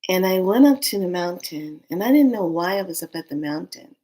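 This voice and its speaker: A woman's voice: lowish voice, expressive, brisk, mellow, low-quality recording. Earnest woman telling a personal story. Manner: emotional, earnest, addresses listeners directly. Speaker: spiritual storyteller.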